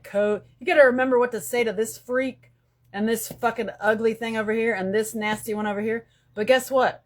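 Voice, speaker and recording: A woman hosts a casual spiritual live stream from her phone. She talks in lively swings, going from loud outbursts to hushed asides, and she curses freely as she goes. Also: on the high side. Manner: animated, swings between loud bursts and hushed asides, profane.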